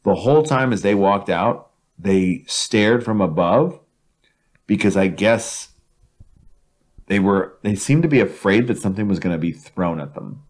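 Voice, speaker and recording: Low-voiced man telling rambling stories. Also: expressive, measured pace. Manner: rambling storyteller, laughs often. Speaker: podcast co-host. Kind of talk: casual chat. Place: indoor room, in person.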